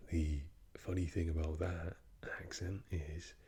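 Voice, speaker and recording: A man giving a whispered ASMR talk, speaking in a soft unvoiced whisper, an unhurried explainer who often doubts himself. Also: low voice, level tone, slight background noise. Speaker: ASMR creator.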